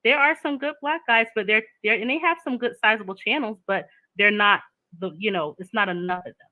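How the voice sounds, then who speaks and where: A woman hosting a casual chat, talking in an animated, joking way. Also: mid-range voice, a little fast, no echo, low-quality recording. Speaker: host.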